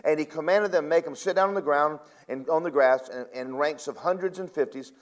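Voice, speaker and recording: A man with a fairly high pitch preaches a sermon, loosely paraphrasing scripture. He punctuates it with loud, emphatic bursts and quiet asides that he draws out.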